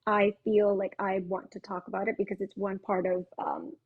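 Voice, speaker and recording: Woman psychotherapist, breathy tone, earnest and hesitant podcast talk. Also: mid-range voice, level tone, normal speed, phone-quality sound. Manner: thoughtful, earnest, many fillers. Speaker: psychotherapist guest. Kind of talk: casual podcast discussion.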